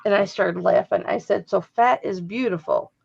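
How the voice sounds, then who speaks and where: A woman's voice: medium pitch, moderate pace, gravelly. A woman telling stories in casual chat on a live sale stream, joking and acting out what people said. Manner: chatty, joking, quotes people in her stories. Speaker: co-host. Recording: dull lo-fi livestream audio.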